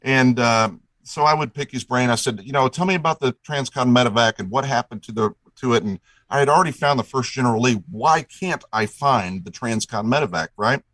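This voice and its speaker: A man's voice: mid-range voice, brisk, few pauses, a bit bright, no echo, poor audio. A middle-aged man telling a long story as a guest, enthusiastic and rambling, restarting his sentences often. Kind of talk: casual storytelling chat.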